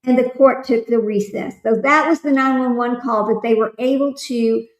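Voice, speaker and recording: A woman with a high-ish, fairly even voice hosts a casual livestream, reading aloud and then chatting loosely with viewers at normal speed. The low-quality recording sits in an echoey room.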